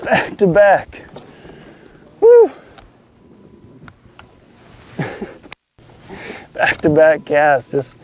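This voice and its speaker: A man's voice: fairly high pitch, highs cut off. A man on a kayak fishing, exclaiming giddily and laughing at each catch. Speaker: angler filming a fishing video. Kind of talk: excited outdoor fishing chatter. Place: on a kayak on a lake outdoors.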